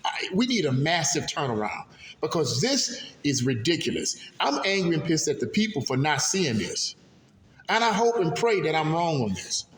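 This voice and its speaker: A man's voice: very animated, normal speed, fairly bright tone. A man giving casual political commentary for his video channel, talking in an impassioned, rambling way and repeating himself. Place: hallway. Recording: echoey hallway, faint rumble.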